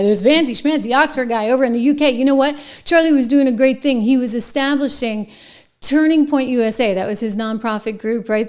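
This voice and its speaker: Fired-up woman political commentary host. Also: a little high. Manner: indignant, swings between loud outbursts and hushed whispers.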